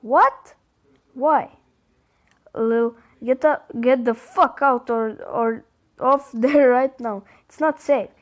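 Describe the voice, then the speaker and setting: A man's voice: very high voice, fairly even intonation, slow, hardly any pauses. A man with a Croatian accent reading the urgent, pleading texts of a worried young woman friend.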